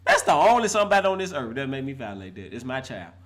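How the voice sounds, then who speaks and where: In a quick, sing-song voice of medium pitch, the middle-aged fan vlogger keeps up an animated, laughing rant. He's full of energy, heavy on slang, and repeats himself to drive points home.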